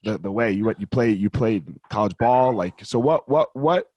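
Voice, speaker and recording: A man's voice: fairly low pitch, lively intonation, normal speed, no echo, muffled recording. A man hosting a casual interview, talking loosely and swearing freely. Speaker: podcast host.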